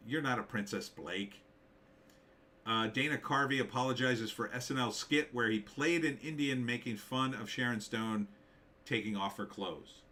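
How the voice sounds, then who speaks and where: A man's voice: medium pitch, normal speed, pushed and bright. A man hosting a live stream, reading viewer comments aloud and answering them with blunt, dismissive opinions and many fillers.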